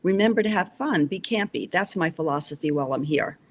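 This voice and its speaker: A woman's voice: sits low, animated, a little fast. A woman voicing a charming, teasing young British male soccer coach while reading her novel aloud. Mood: cheery. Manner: cheery and teasing.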